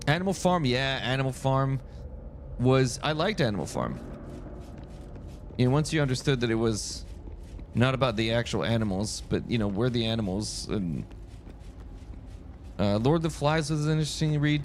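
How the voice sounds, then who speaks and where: A French streamer with an expressive, medium-pitched voice talks at a moderate pace, leaving long pauses. While playing, he rambles through self-interrupting stories, and there is slight background noise.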